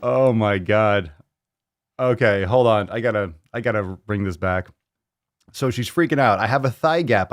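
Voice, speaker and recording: A man hosting a fitness podcast in casual chat, joking and animated, swearing freely. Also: mid-range voice, no room sound, clean studio sound. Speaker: podcast host.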